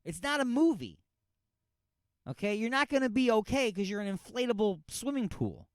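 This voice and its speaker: A fairly high-voiced man hosts a radio talk show and rants about a news story with biting sarcasm. His delivery is lively and full of swings in pitch as he scolds with exasperation. The sound is close and dry, with no room around it. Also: normal speed, no room sound. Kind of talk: ranting commentary on a news story.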